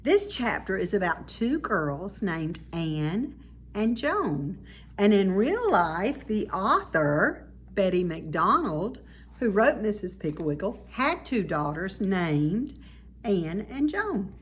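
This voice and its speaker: A woman, a teacher, reading a children's chapter book aloud with expressive storytelling. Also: mid-range voice, slow, slight background noise.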